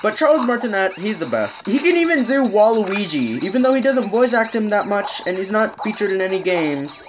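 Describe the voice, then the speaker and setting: A young gamer rambling casually through let's-play commentary, hesitant with many fillers. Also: female voice, medium pitch, sing-song, fairly quick, music in the background.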